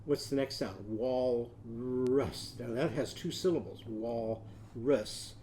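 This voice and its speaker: A man teaching young children a drawing and phonics lesson, giving slow, patient step-by-step instructions. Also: medium pitch, expressive, darkish tone, a little hiss or hum.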